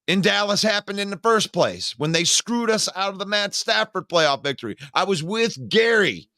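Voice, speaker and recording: Excitable man in bright, dry sports talk. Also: sits high, normal speed, no echo. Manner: emotional, rambling with many restarts. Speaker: sports show co-host.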